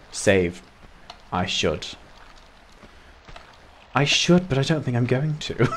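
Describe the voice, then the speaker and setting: A man's voice: on the low side, a little hiss or hum. A British man chatting casually with viewers while he streams a game, greeting them by name and laughing often. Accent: British English. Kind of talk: casual live-stream chat while playing.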